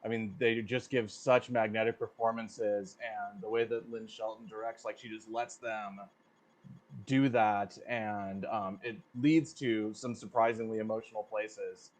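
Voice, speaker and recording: A man on a panel recommending a film in casual chat, halting with many ums. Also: fairly low pitch, level tone. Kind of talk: casual movie review chat.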